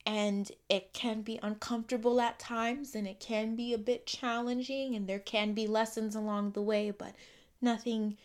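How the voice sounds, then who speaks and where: Young woman, solo podcast host, earnest and affirming, loops phrases, drifts quiet. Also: mid-range voice, steady tone, normal speed, clear, resonant tone. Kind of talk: reflective solo podcast monologue.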